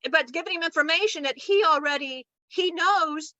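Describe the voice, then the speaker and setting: A high, bright-toned woman delivers a channeled spiritual lesson in a blunt, animated way, cursing casually. The recording is dry and a little dull, like lo-fi audio. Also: normal speed, no room sound. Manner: animated, blunt and profane, acting out quoted voices.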